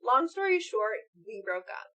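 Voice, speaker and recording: A woman's voice: a little high, moderate pace. A woman co-hosting a live stream, chatting casually, reading a story update aloud and acting out quoted lines. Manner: animated, acts out quoted lines, calls herself snappy. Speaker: streamer co-host. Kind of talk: casual chat reacting to and reading stories.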